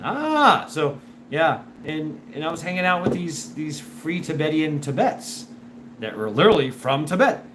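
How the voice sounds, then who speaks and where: A man hosting a show in a casual, rambling monologue, full of restarts and repeated words, and animated when he imitates other people. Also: fairly high pitch, a little slow. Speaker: show host. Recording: noisy background.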